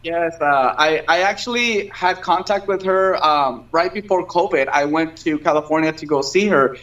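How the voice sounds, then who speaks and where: A man's voice: on the high side, normal speed, a bit bright. Rambling man on lo-fi stream audio. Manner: rambling, many fillers and restarts. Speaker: guest singer. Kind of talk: casual interview chat.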